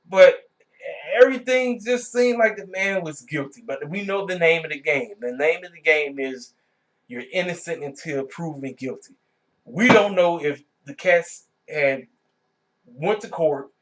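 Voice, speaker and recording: A man hosting his own wrestling review vlog, talking casually and reacting with animated disbelief. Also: fairly high pitch. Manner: animated, colloquial, exclaiming in disbelief. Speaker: wrestling review channel host.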